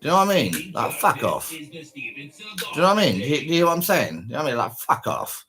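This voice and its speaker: A man in a heated, sweary, mocking comic rant with a husky voice. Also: on the high side, sing-song, fast talker, sharp tone.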